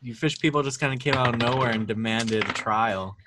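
A man's voice: medium pitch, fairly quick, noisy background. A man playing in a tabletop game, bantering casually with lots of fillers. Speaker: tabletop player.

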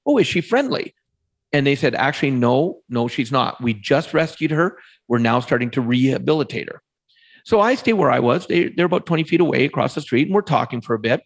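A man in his fifties, a podcast guest, telling a personal story in a lively way and acting out the voices of the people in it. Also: mid-range voice, vocal fry. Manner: animated storyteller, acts out quoted voices.

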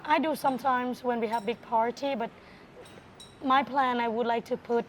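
A woman whose first language is Thai answers interview questions as a bar owner, playful in her non-native English. Her voice sits fairly high. Faint bar noise runs in the background. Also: steady tone, normal speed.

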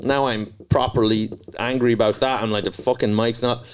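A man's voice: mid-range voice, moderate pace, clean tone. A man, a comedian, telling a story in casual chat with a profane, ranting delivery. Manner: profane, ranting, animated retelling.

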